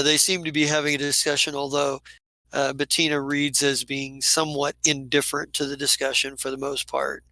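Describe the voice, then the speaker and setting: A game master narrating a tabletop scene with halting, filler-heavy phrasing. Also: medium pitch, pushed and bright, dry recording, low-quality recording.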